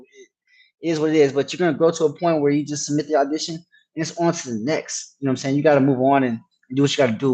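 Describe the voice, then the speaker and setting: A man's voice: on the high side, darkish tone, low-quality recording. A man, a working actor, giving a casual, encouraging masterclass talk, full of "you know what I'm saying" asides. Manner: upbeat and encouraging.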